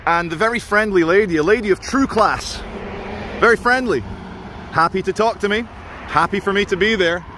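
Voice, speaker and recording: A man narrates as he walks suburban streets with a handheld camera, chatty, opinionated and quick with sarcasm. His voice sits a little high for a man. Faint traffic and street noise run underneath. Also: bright, forceful tone. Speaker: vlogger filming a walk. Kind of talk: walking vlog narration.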